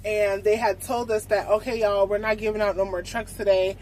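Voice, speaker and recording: A young adult woman truck driver telling a casual storytime vlog, swearing freely and acting out conversations in lively voices. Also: medium pitch, fairly quick, slight background noise, low-quality recording. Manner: animated, swearing, acts out conversations.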